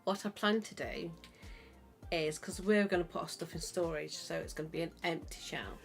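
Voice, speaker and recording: A woman's voice: lowish voice, moderate pace, vocal fry. Woman, podcast host, chatty, rambling, faint music underneath. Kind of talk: casual chat.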